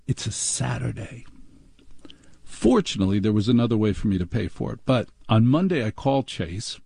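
A man's voice: dark tone, breathy edge, dry recording. Exasperated middle-aged man ranting. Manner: exasperated, mocking, mimics bank staff in high voices. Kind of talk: ranting monologue.

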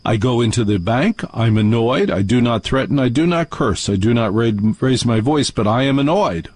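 A man's voice: mid-range voice, animated, normal speed, darkish tone, dry recording. A man hosting a call-in radio show, ranting with indignant sarcasm. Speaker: radio talk show host. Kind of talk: talk radio monologue and call-in.

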